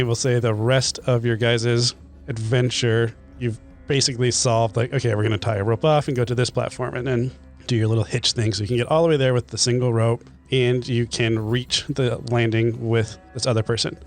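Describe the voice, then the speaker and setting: Relaxed male game master. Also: medium pitch, normal speed, faint music behind. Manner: relaxed, loose, casual. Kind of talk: narrating a tabletop game.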